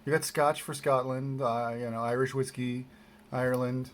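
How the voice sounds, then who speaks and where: A man's voice: mid-range voice, steady tone, moderate pace, a little hiss or hum. A man rambling casually through an unboxing, self-deprecating and meandering, with many fillers and restarts, recorded on a desk camera mic. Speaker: vlogger.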